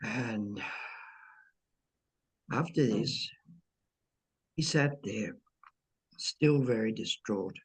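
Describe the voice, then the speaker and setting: A woman slowly recounting a personal ghost story in casual conversation, hesitant, with fillers and repeated words. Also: very deep voice, slightly rough. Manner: unhurried, dwelling on details. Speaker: medium telling her own ghost stories.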